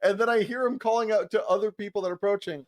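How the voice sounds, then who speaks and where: A young man spins a profane, animated story on a podcast, laughing as he goes. His voice sits a little higher than most men's. He jumps between tones with plenty of energy. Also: quick pace. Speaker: podcast co-host. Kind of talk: casual storytelling chat.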